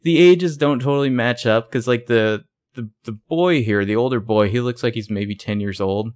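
A man's voice: mid-range voice, moderate pace, darkish tone. Chatty sarcastic man recapping a show. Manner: chatty, sarcastic, acts out quoted lines. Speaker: podcast co-host recapping a TV episode. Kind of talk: casual chat.

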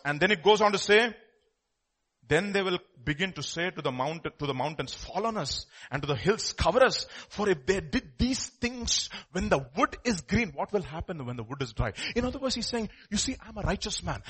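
Man, preacher, sermon, high-pitched, bright tone, emphatic delivery. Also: animated, fairly quick, slightly rough. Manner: emphatic, swings between loud exclamations and low asides.

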